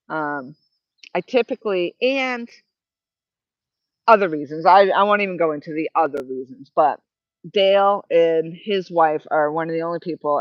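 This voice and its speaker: A woman's voice: low-pitched, no echo, highs cut off. A woman from New Hampshire hosting a live stream outdoors, chatting casually and reading viewer comments aloud. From New Hampshire, New England. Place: outdoors by the water. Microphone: Bluetooth headset.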